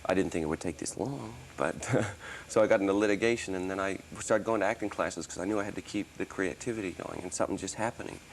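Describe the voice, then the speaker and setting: Man, very low voice, mostly American accent with Australian hints, rambling restarts, faint hum behind. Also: fast talker, vocal fry, hardly any pauses. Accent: mostly American, traces of Australian. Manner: rambling, many restarts and fillers. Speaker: interview guest, musician and actor. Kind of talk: casual interview talk.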